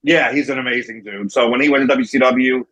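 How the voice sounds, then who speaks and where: A man's voice: medium pitch, fairly even intonation, a little fast, a bit bright, rough recording. A man with a New Jersey accent, a wrestling manager and guest, telling stories in a casual interview over a remote call. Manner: storytelling, acting out quoted voices.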